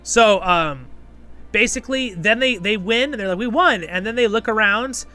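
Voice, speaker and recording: Speaking at normal speed, this male show reviewer and host rambles loosely through a casual review, his high voice bright and forceful. Fillers pile up, and he frequently throws in "right?"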